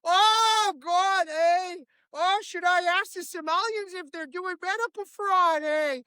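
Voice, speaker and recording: A woman's voice: extremely high pitch, takes it slowly, bright, forceful tone, no echo, pitched above the performer's own voice, exaggerated voice. A woman doing an impression of a folksy, flustered middle-aged male politician who exclaims nervously.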